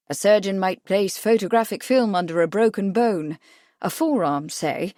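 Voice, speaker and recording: A woman's voice: medium pitch, warm tone, dry recording, studio quality. Woman narrating a mystery audiobook. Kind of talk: scripted narration.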